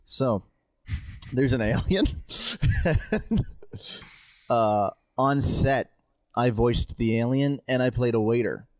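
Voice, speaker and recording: A man's voice: medium pitch, lively intonation, slow pace, pauses often, dry recording. A man, an actor, casually telling a story in chat and laughing at himself now and then. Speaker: actor, podcast co-host.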